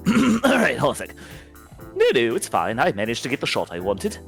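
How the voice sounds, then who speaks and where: A jaunty, posh dinosaur photographer in a game, voiced by a man in a put-on British accent, bobbing through a lively range of pitch. His phrasing is old-fashioned and chummy, with faint music underneath. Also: moderate pace, creaky. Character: posh bespectacled male parasaur yearbook photographer.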